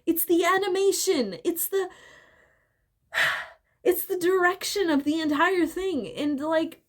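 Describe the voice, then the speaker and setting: A young woman giving a casual, animated film critique, rambling with fillers and restarts and briefly acting out scenes. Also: extremely high pitch. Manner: acts out scenes with quick voices. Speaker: video essayist. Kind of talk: casual opinion commentary.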